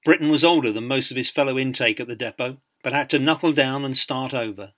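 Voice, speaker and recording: A man narrating a biography in an audiobook, measured and dryly humorous. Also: medium pitch, a bit bright.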